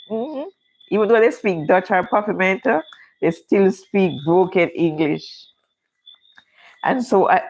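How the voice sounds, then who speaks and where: A middle-aged woman with a Jamaican accent talks casually to her livestream audience. She is chatty and easygoing, and her voice sits a little low for a woman. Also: a little mellow, poor audio. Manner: chatty, speaks Jamaican English. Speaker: livestream host.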